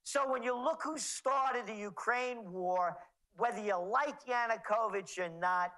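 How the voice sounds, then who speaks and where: A man's voice: high voice, a little slow, pushed and bright, rough recording. A man speaking as a guest on a talk radio show, sarcastic and indignant, mocking the people he names. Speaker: guest commentator.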